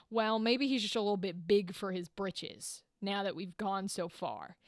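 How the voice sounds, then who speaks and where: A woman podcast host retelling a play in a casual, profane, animated way. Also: mid-range voice, moderate pace, hardly any pauses, no room sound, clean studio sound. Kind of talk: casual chat.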